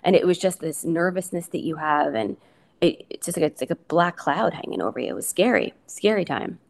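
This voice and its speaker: A woman's voice: low-pitched, lively intonation, a little fast, vocal fry. A middle-aged woman, a guest on an interview podcast, talking casually in a rambling way with many fillers and restarts. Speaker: guest, coach's wife.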